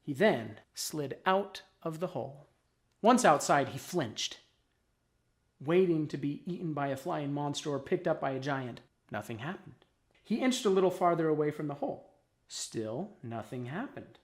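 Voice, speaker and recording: A male storyteller reads a children's tale with lots of expression. His pitch swings widely through each sentence. He leans into dramatic pauses. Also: expressive. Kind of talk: storybook narration.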